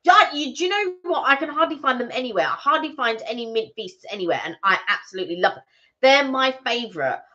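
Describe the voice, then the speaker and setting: Chatty, animated woman co-hosting a stream. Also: a little high, fast talker. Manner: chatty, rambling storyteller with many restarts. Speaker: co-host of a live stream. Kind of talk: casual live-stream chat. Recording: slightly muffled lo-fi stream audio.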